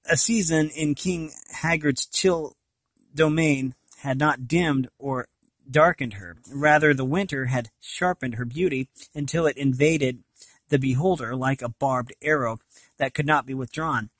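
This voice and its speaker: A man reading a fantasy novel aloud in a plain, unhurried way, with frequent slips and restarts. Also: mid-range voice, fairly bright tone, no echo. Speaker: reader.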